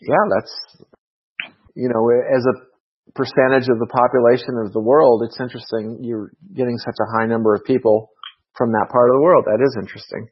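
A man's voice: mid-range voice, fairly even intonation, a little fast, husky. A man in a casual chat, curious and full of questions. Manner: curious, asking many questions. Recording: dull lo-fi sound.

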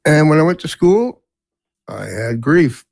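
Gravelly older man telling stories. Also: on the high side, sing-song, a little slow, a little mellow, no echo. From Canada. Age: 70s. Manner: rambling, with many fillers and restarts. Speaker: guest. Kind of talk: storytelling in a casual interview.

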